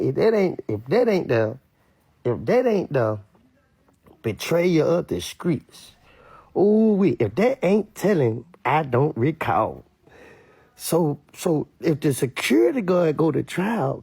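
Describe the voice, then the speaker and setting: A man rants in casual street commentary, his voice gravelly and husky and his pitch swinging widely as he talks. He repeats himself for emphasis. The recording sounds dry and close. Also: dry recording. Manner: animated, repetitive, mimics others in high voices.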